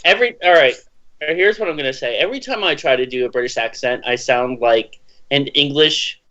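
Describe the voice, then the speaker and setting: A man in his twenties, excitable and swearing freely, chatting casually during a movie commentary. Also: medium pitch, brisk, lo-fi sound. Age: 20s. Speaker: commentary guest.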